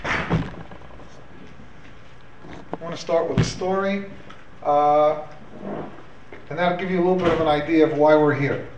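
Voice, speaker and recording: A man's voice: on the high side, steady tone, unhurried, long pauses, distant mic, highs cut off, background noise. Man hosting in an echoey hall. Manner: chatty, hesitant, sprinkles Hebrew words. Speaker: event host and organizer. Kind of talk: live event talk with a joke. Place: hall at an evening community event. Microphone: handheld microphone, away from the recorder.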